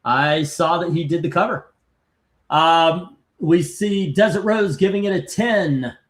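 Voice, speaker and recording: A man's voice: a little high, unhurried. A man hosting a casual live stream, chatting and reading out viewer comments and scores. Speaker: host of a live comic-cover ranking stream.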